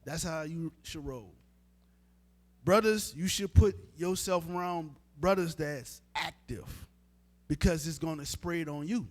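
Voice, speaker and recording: This man preaches in a casual, street-style manner, speaking emphatically and directly to his audience. His voice is on the high side and his pace is unhurried.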